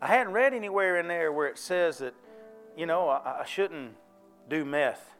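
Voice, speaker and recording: A man's voice: on the high side, moderate pace, a bit bright, soft background music. A man preaching a sermon to his church, folksy and conversational, often checking in with the congregation. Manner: folksy, conversational preaching with call-and-response questions. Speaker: pastor.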